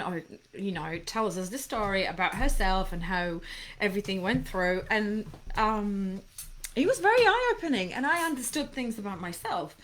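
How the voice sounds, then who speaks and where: A woman's voice: medium pitch, a bit bright. Passionate rambling woman giving a pep talk. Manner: passionate, rambling, many restarts and asides. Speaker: podcast host. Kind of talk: casual motivational talk.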